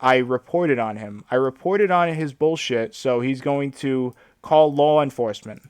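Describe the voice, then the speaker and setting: A man's voice: medium pitch, unhurried, clean tone, no room sound. A man hosting a livestream, ranting sarcastically with lots of swearing and filler words. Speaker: streamer host. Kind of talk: casual livestream rant.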